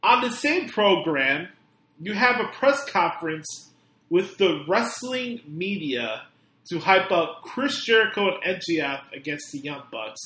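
Male podcast host, profane exasperated rant, mutters to outbursts, slightly high voice, roomy echo. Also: very animated, unhurried, bright, forceful tone.

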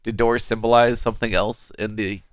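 A man co-hosting a comedy podcast, chatting and telling rambling stories with quick jokes. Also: on the low side, level tone, clear, resonant tone, dry recording. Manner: joking, rambling storyteller with quick asides. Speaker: podcast co-host. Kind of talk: casual comedic chat.

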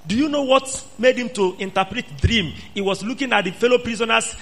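A man's voice: very high voice, a little fast, gravelly, a bit bright. A man preaching an emphatic sermon, repeating phrases and questioning the congregation. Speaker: pastor.

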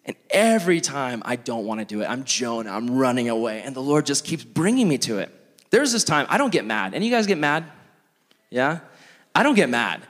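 A young man preaching as a youth pastor, telling stories in an animated, self-mocking way full of "like". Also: medium pitch, a little fast. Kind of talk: storytelling sermon. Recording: long reverb of a large hall.

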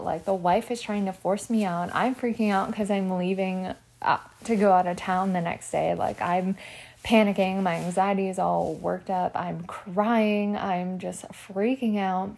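Young woman, vlogger, casual storytelling, heavy "like" filler, emotional delivery, mid pitch. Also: vocal fry. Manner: chatty, fills speech with "like"; animated and emotional while retelling. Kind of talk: personal storytelling monologue.

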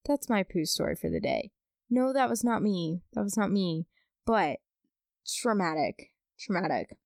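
A young woman hosting a podcast, chatting casually and reading listener stories aloud with expressive, dramatic emphasis. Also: mid-range voice, unhurried, gravelly, no room sound, clean studio sound. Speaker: podcast host.

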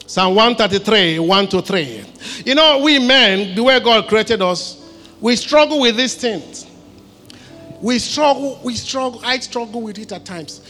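High, bright-voiced male pastor preaching. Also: lively intonation, measured pace, soft background music. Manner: emphatic preaching with call-and-response questions; laughs and jokes between points. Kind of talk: sermon. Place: church service.

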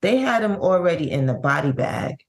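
A middle-aged woman, a bereaved mother, telling her story in an interview, with halting, vivid recounting and many restarts. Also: fairly low pitch, sing-song. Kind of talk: emotional personal storytelling.

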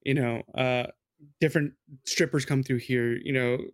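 A man's voice: medium pitch, steady tone, moderate pace, dry recording, clean studio sound. A man hosting a podcast, telling a true-crime story in a loose, chatty way with swearing and asides to his co-host.

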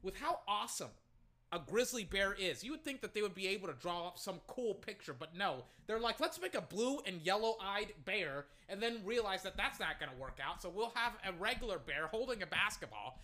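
This is an excitable fan commentating on the action himself through his own microphone, in a loose play-by-play manner. He has a mid-range voice and is quick to swear and rant at referees and players alike.

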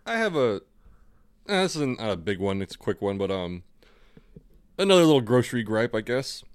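A man's voice: mid-range voice, sing-song, normal speed, clean tone, no echo. A man co-hosting a podcast, chatting casually in a rambling way and swearing freely. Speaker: podcast co-host. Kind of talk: casual chat.

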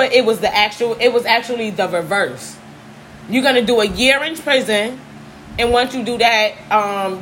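Blunt animated woman telling stories. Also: on the high side, rough recording. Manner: animated, blunt, swears freely. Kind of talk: casual chat, storytelling. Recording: faint background noise.

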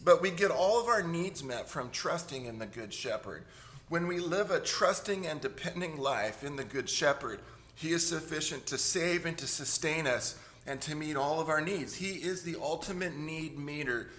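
This pastor, a middle-aged man, has a somewhat high, slightly bright voice with lively intonation and a moderate pace. He preaches conversationally, cracking jokes and frequently checking for agreement with a quick "right?"

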